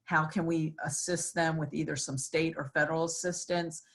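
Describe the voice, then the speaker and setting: A middle-aged woman with a low-pitched voice answers interview questions as a state senator. She talks earnestly, with plenty of ums and restarts. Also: little pitch movement, moderate pace, gravelly. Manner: earnest, with many fillers.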